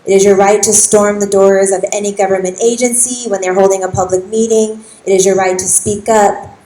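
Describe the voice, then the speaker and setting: A woman's voice: medium pitch, steady tone, fairly quick, mellow. A young woman from East San Jose, a county school board trustee, giving an emotional, impassioned speech at a public meeting. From East San Jose, California. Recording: echoey hall with faint noise.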